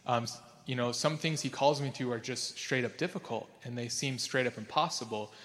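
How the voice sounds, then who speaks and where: Chatty male pastor in a reverberant hall. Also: fairly bright tone. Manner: casual and chatty, with many fillers like "like"; jumps up in pitch and volume for emphasis and quotes. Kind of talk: conversational sermon.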